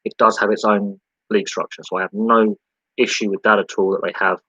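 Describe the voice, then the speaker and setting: A man's voice: fairly low pitch, little pitch movement, fairly quick, bright, forceful tone, breathy edge, dry recording, rough recording. English man rambling on a podcast. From England. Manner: rambling, repeats himself, frequent ums and restarts. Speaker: podcast host. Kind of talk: solo live podcast talk.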